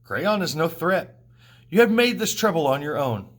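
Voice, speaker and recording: A man's voice: on the high side, sing-song, normal speed. A man reading the part of a stern, blind old prophet aloud in a grave, warning tone. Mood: calm.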